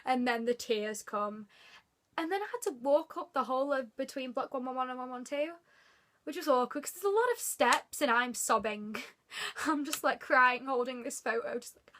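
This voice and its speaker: Bright, excitable young-sounding woman vlogger. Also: high voice. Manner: excitable, gushing, lots of "like". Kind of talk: casual storytelling to camera.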